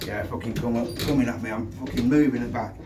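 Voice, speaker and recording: A middle-aged Englishman, once a doorman, tells a fight story bluntly and swears freely, in stops and starts. He is recorded outdoors and sits well back from the mic. Wind rushes across it. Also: mid-range voice. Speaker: former doorman. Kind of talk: casual storytelling to camera. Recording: distant mic with wind noise.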